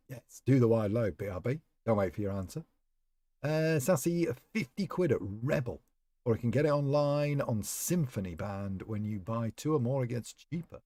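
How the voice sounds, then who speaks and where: A man chats casually while streaming a game, rambling and calling viewers by name. His voice is mellow and its pitch moves freely, recorded dry and close. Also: no echo. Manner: rambling, chatty, talks to chat members by name. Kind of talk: casual live-stream chat while playing.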